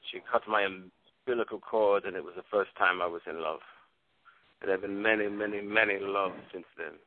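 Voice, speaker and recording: A man's voice: low voice, fairly even intonation, normal speed, lightly acted. A man putting on a boastful male love expert with a Venezuelan accent, who brags about himself by name, heard over a tinny phone line. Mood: smug boasting. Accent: Venezuelan Spanish. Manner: self-adoring, speaks of himself by name.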